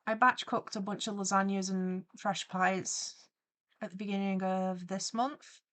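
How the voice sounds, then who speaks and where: A woman's voice: mid-range voice, fairly even intonation, unhurried, fairly bright tone. A young woman, chatting casually on a livestream as she animates, playfully spinning theatrical mock-villain tangents. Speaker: streamer and animator.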